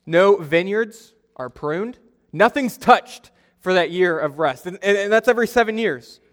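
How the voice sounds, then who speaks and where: A young man gives a sermon as pastor, his voice sitting a little higher than most men's. He talks in a loose, conversational way, telling stories and poking fun at himself. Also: lively intonation, measured pace, a bit bright. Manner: conversational storytelling, self-deprecating humor.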